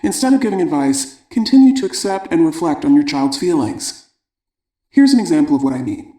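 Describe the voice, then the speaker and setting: Calm male audiobook narrator. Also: on the high side, fairly quick, reverberant.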